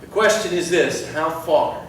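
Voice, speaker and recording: A man telling a lively story as a sermon, acting out the voices of the people in it. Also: a little high, measured pace, far from the mic, slight background noise. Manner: animated storyteller, acts out quotes. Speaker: preacher giving a testimony. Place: large church sanctuary. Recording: echoey hall, heard from afar.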